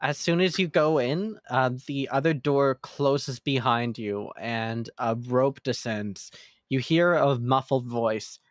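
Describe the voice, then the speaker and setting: A man narrating calmly as dungeon master, describing scenes with easy fillers. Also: mid-range voice, takes it slowly, no echo, clean studio sound. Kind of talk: narrating a tabletop game.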